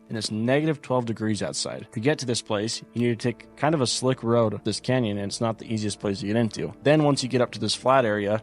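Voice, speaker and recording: Male storyteller, lower register, matter-of-fact first-person retelling; soft music bed behind. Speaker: camping vlogger recounting his trip.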